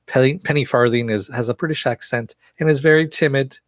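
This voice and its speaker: A man's voice: medium pitch, a little fast, dry recording. A man casually recapping a TV episode in a loose, chatty way, with lots of fillers and swearing. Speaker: show reviewer.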